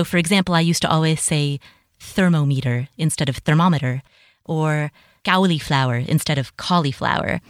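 Recording on a home studio mic in a closet, this podcast host, a native Nepali speaker, wraps up her solo show by reading listener reviews. Her fairly low, fairly bright voice is chatty, enthusiastic and carefully articulated, with no room sound and a clean studio finish.

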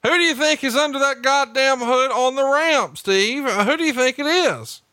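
Bright, teasing male podcast co-host. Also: extremely high pitch, normal speed, dry recording. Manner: joking, teasing, profane. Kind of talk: casual podcast chat, mock commentary.

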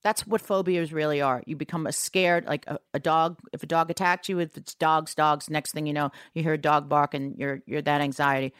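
A woman's voice: deep voice, fairly even intonation, a little fast, hardly any pauses, smooth, no room sound, clean studio sound. A woman from New York, a singer and guest, talking frankly and reflectively in a candid conversation. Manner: frank, reflective, calls host baby.

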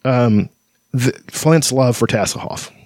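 A man's voice: mid-range voice, slow pace, a little mellow, dry recording. A man hosts a casual chat about a fantasy book, mixing read-aloud passages with rambling comments. He laughs often and trips over his words. His voice sits mid-range, and the sound is dry and close. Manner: chatty, laughs often, many fillers and restarts. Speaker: podcast host.

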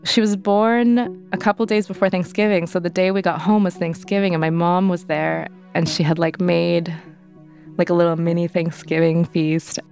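A woman's voice: lowish voice, flat delivery, moderate pace, a little mellow, faint music behind. A young woman telling a personal story in an interview, candid and loose, full of "like" fillers. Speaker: interview guest.

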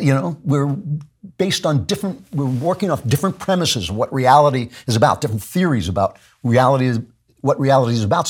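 A husky-voiced man hosting a talk show, pouring out an intense, impassioned monologue. He talks in repetitive bursts, restarting sentences and stumbling over words as he presses his point. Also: medium pitch. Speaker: political talk show host.

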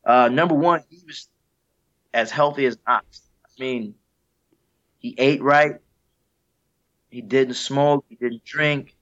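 Speaking slowly and pausing often, a man with a mid-range, fairly bright voice is interviewed as a guest musician. He reflects casually, shares heartfelt stories, and laughs easily; the audio is dull and lo-fi.

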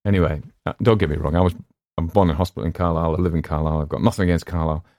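Gravelly low-voiced Cumbrian man. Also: steady tone, racing, darkish tone, no echo, studio quality. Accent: West Cumbrian English. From West Cumbria, England. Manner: chatty, digressive, self-deprecating. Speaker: audiobook narrator and podcast host. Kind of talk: casual rambling chat.

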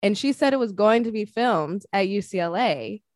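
A woman's voice: mid-range voice, animated, moderate pace, darkish tone, no echo, studio quality. A woman hosting a casual interview, chatty and encouraging, adding her own anecdotes. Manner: encouraging, chatty, laughs easily. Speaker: interview host.

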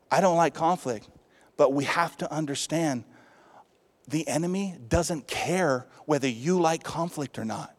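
A man with a Texas accent, a pastor preaching a lively sermon in a church, swinging from loud calls to hushed asides. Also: a little high. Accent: Texan. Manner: lively preaching with big swings in loudness, asides and quick jokes. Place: church sanctuary. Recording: long hall reverb.

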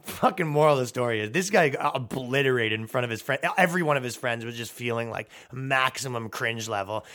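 Male comedian, middle pitch, swears constantly, rambling storyteller. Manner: profane, animated, rambling with restarts. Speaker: podcast host, comedian.

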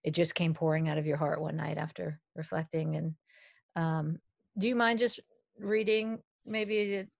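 A woman's voice: low voice, fairly even intonation, normal speed, creaky, a little mellow. A woman co-hosting a podcast, chatting casually and playfully with frequent laughter. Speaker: podcast co-host. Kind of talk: casual chat.

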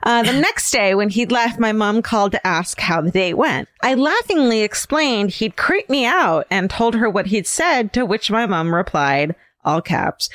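A woman co-hosting a podcast, reading listener letters aloud in a casual, animated way with laughs and swearing. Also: mid-range voice, no room sound.

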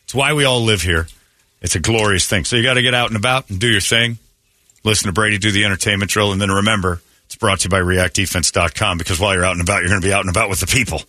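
A man hosting a morning rock radio show, telling stories in a blunt, animated way. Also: fairly low pitch, very fast, no echo. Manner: blunt, storytelling, animated retelling. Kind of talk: casual talk radio banter. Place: radio studio. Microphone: studio mic. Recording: dry close studio sound.

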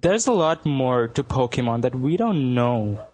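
A man's voice: medium pitch, big pitch swings, unhurried, darkish tone, slight background noise. A man chatting casually, playful and laughing often. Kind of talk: casual chat.

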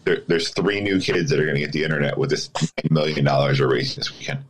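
Very deep husky deadpan man. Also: quick pace, poor audio. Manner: deadpan, nonchalant joking. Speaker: podcast co-host. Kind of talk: casual chat.

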